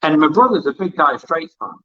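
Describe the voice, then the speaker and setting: A man telling rambling anecdotes in a casual interview, slipping into other people's voices as he quotes them. His voice sits fairly high and sounds bright and forceful. The audio is dull and lo-fi. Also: lively intonation, fairly quick. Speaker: music interviewer and former hospital radio presenter.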